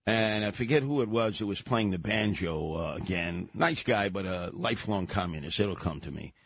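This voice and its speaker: An older man, co-hosting a radio talk show and telling stories with animated voices. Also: sits low, moderate pace, vocal fry, husky. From New York. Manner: storytelling, animated voices in quotes. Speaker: radio co-host.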